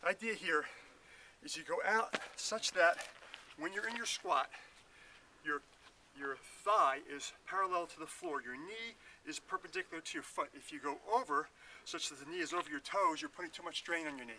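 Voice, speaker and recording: A man talks through his outdoor workout in a bright, forceful voice pitched a bit high. He explains each move casually and pokes fun at himself, panting from the exercise, over a faint hiss of background noise. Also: big pitch swings, moderate pace, creaky. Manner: chatty, self-mocking, explains while exercising. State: out of breath. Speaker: fitness instructor. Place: outdoors at a house in the woods. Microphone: filmed by a camera operator.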